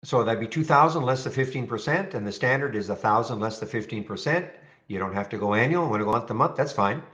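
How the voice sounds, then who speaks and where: A man's voice: medium pitch, expressive, quick pace, a bit bright. A man hosting a live day-trading room, chatting casually and thinking aloud, often restarting his sentences. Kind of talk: casual live-stream commentary. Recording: slightly dull lo-fi sound.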